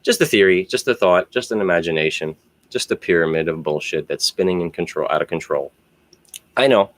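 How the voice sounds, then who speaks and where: A man's voice: low voice, a little fast, a bit bright, dry recording. A man, rambling and philosophizing in a profane solo monologue. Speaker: solo video host.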